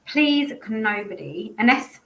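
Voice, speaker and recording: A woman's voice: mid-range voice, expressive, unhurried. A woman hosting a casual live stream about dog behaviour training, talking in a rambling, chatty way full of restarts and asides. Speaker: dog behaviour school host. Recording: echoey room with faint ambience.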